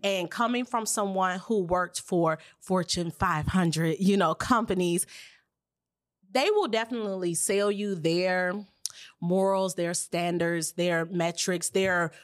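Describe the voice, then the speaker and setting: A woman's voice: lowish voice, slow, no echo, studio quality. A woman hosting a casual podcast interview, enthusiastic and full of affirmations. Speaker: podcast host.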